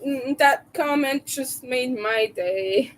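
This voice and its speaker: Slow-talking giggly woman streamer. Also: sits high, poor audio. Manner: giggly, laughs often and hard; rambling, restarts and fillers. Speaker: crochet livestreamer. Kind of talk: casual live-stream chat with viewers.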